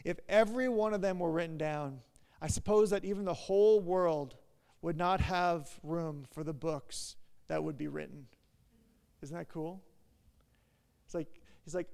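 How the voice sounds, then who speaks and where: A young man with a high-pitched voice and a gravelly rasp delivers a relaxed sermon. He talks like he's chatting with friends, full of asides and quick self-corrections. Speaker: pastor. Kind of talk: casual sermon.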